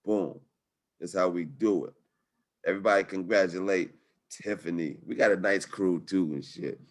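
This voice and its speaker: A man's voice: low voice, moderate pace. Slangy, hyped-up male webinar host. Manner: hype, slangy, upbeat. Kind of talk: live webinar sales talk.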